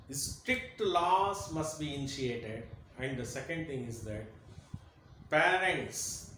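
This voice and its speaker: A man's voice: mid-range voice, fairly bright tone. A man giving an emphatic lecture, repeating key phrases. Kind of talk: motivational lecture. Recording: very echoey room, faint noise.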